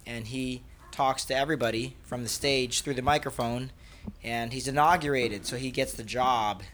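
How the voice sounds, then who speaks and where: A man's voice: medium pitch, steady tone, normal speed, a bit bright, slight background noise. A man, a father, patiently asking his young children questions in a casual family chat at home.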